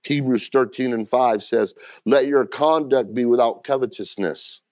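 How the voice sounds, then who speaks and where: A man's voice: mid-range voice, measured pace, darkish tone, no echo, studio quality. A middle-aged man preaching a sermon as pastor, talking plainly and directly to the congregation and calling for responses.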